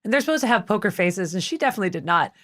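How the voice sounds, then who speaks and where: In a podcast studio, a female guest with a mid-range voice talks rapid-fire. She shares a personal story with feeling, expressively acting out other people's voices. The sound is clean studio audio with no echo.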